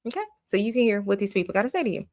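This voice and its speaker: A woman's voice: medium pitch, expressive, very fast, darkish tone, no echo, clean studio sound. A woman giving a casual recap and review of a reality show, blunt and opinionated, venting her exasperation.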